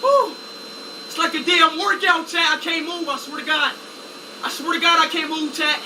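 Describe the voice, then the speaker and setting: Frantic high-voiced young man yelling at chat. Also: flat delivery, moderate pace. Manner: frantic, yelling and pleading, repeating himself. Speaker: livestreamer. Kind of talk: live stream talking to chat. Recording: distant mic with loud vacuum noise. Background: vacuum cleaner running.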